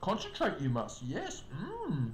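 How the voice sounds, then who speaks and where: A live streamer putting on the voice of an ancient, cryptic alien Jedi master with backward word order and throaty hums, in an echoey room with a faint rumble. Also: wildly swooping pitch, takes it slowly.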